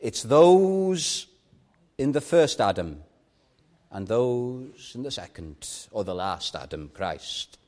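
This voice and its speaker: A man's voice: mid-range voice, very animated, takes it slowly, a little mellow. A man with a Welsh accent preaching an earnest evangelistic sermon, pleading and building to emphatic repetition.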